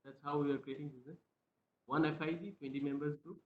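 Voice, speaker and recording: A man presenting slides in a webinar over a video call, hesitant with many fillers and speaking softly. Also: fairly high pitch, steady tone, fast. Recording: tinny phone-like line in an echoey room.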